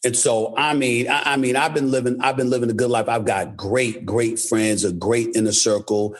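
A man's voice: mid-range voice, steady tone, normal speed. A man from New York City speaking as an interview guest, blunt and emphatic, often repeating his words. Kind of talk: candid interview talk.

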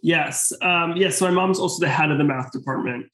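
A man's voice: fairly high pitch, fairly quick, pushed and bright, roomy sound. A man of twenty, a guest on an interview show, polite and upbeat, with many ums. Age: 20s. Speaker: guest chef. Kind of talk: casual interview chat.

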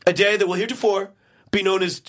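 A boastful older politician with a stuffed-up, nasal voice, as a man puts him on for a comedy bit. He stretches out his proclamations in a grand, drawn-out way. The voice sits a touch higher than a plain man's. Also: steady tone, fairly bright tone. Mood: pompous. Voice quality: nasal, stuffy head-cold voice.

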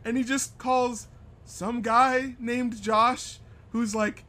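A man's voice: very high voice, little pitch movement, slow, pushed and bright. A man co-hosting a casual movie review chat, sarcastic and swearing often, acting out scenes in silly voices. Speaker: podcast co-host.

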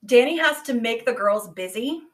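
A woman co-hosting a casual book podcast, retelling a plot in an animated, profane way. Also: a little high, moderate pace, a crowd in the background. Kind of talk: casual book recap chat.

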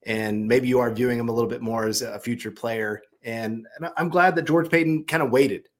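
A man's voice: mid-range voice, fairly even intonation, brisk. Conversational man breaking down sports news. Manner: conversational, explains reasoning at length. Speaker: podcast co-host. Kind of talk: casual sports analysis.

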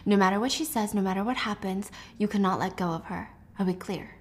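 A woman reading aloud as a cold, controlling young male commander who speaks in a calm, clipped way. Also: medium pitch, fast talker, close to an everyday voice. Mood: commanding.

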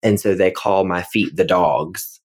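Male co-host, very low voice, dry and self-mocking, loose chatty delivery. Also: steady tone, measured pace, a little mellow, husky. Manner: wry, self-deprecating storyteller with frequent fillers. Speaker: podcast co-host, middle school English teacher. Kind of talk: casual podcast chat.

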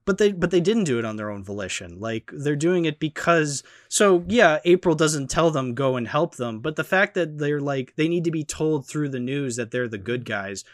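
A man hosting a casual movie podcast, giving animated, critical opinions with lots of fillers. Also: fairly high pitch, moderate pace, hardly any pauses, no room sound, clean studio sound. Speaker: podcast host. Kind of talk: casual movie review chat.

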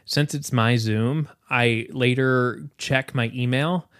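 A man hosting a podcast, chatting casually and telling a story with loud shouted quotes and lots of laughter. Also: medium pitch, steady tone, slow, smooth, no room sound, clean studio sound. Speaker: podcast host. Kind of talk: casual chat. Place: home, video call.

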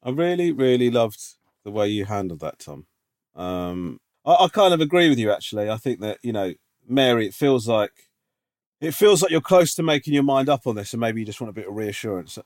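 A man's voice: medium pitch, very animated, fairly quick, darkish tone, no echo. Dry, teasing man on a podcast. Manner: dry, teasing, reads listener emails aloud. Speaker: podcast co-host. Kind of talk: casual advice podcast chat. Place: remote call.

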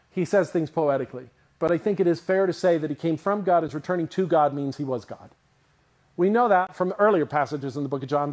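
A man preaching a sermon in a conversational style, asking his listeners questions and picturing scenes for them. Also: sits high. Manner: conversational, animated, asks the audience questions. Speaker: pastor.

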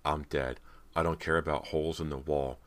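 Man doing a cold ghost girl, very deep. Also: dry recording. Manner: flat, cold, slow and mocking.

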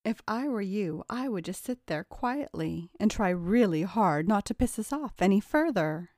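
A scheming teenage girl with a mocking edge, as a woman reads her. Her voice is mid-pitched, and the storybook reading sounds dry and close. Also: lively intonation, moderate pace, a little mellow, no echo, close to an everyday voice.

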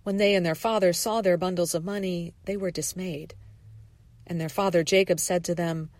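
A woman, a lay reader, reading scripture and gently voicing the quoted speakers. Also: fairly low pitch, steady tone, normal speed, no echo.

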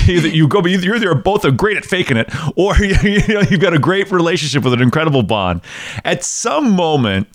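A man's voice: medium pitch, dry recording, clean studio sound. A man hosting a podcast interview, joking and teasing his guests in a casual chat. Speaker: podcast host.

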